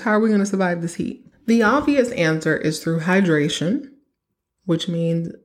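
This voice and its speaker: A woman's voice: medium pitch, a little mellow. A young woman from Texas hosting her own podcast, chatting casually and giving emphatic advice straight to her listeners. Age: young adult. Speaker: podcast host. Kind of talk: casual solo podcast monologue.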